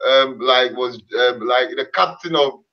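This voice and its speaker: A man's voice: mid-range voice, a little slow, gravelly. A middle-aged man from Ghana, a boxer's father and trainer, talking earnestly in a casual interview with many fillers and restarts. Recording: dull lo-fi sound.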